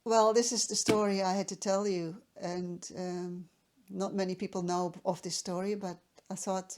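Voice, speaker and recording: A woman's voice: medium pitch, little pitch movement, normal speed, darkish tone. A woman from the Netherlands telling a personal story to the camera, hesitant and emotional, with many restarts.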